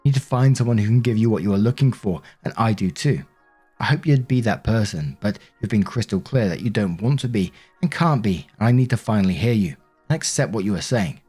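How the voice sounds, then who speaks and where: A man's voice: lowish voice, animated, brisk, mellow, slightly rough, faint music behind. A man reading the lines of a wounded, accusing wife in his own voice while narrating a Reddit story. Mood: hurt. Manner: bitter, reproachful, pleading.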